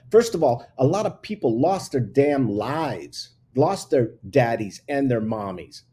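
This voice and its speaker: A man's voice: mid-range voice, mellow, husky. A man hosting his own talk show, ranting bluntly in casual opinion talk and laughing at himself. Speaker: show host.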